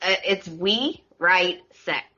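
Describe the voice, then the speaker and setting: A woman hosts a relaxed podcast conversation, her voice bright and forward. She chats easily and laughs often. The sound is somewhat dull and lo-fi. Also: on the low side, slow. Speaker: podcast host. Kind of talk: casual podcast chat.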